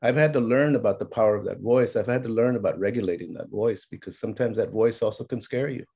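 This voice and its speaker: A middle-aged man speaks in a gravelly, slightly husky voice at an even middle pitch. He tells stories from his life in a reflective, conversational way, dropping in Spanish phrases. He circles back with fillers, then livens up as the family memories come out. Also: quick pace. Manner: mixes in Spanish phrases, many fillers, grows animated when telling family stories. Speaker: speaker sharing his life's work.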